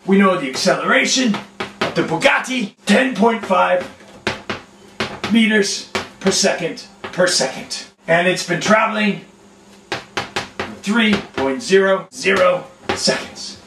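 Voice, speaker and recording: A man's voice: high voice, lively intonation, normal speed, pauses often, background noise, voice pushed up. A man putting on a German scientist voice to explain physics problems step by step. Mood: lecturing. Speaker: physics teacher.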